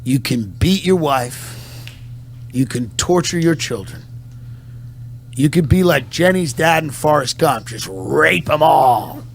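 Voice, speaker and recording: Man, comedian, deadpan, mock-patriotic speech, slow, faint hum. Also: on the high side, vocal fry. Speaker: comedian and podcast host. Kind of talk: satirical mock-patriotic monologue.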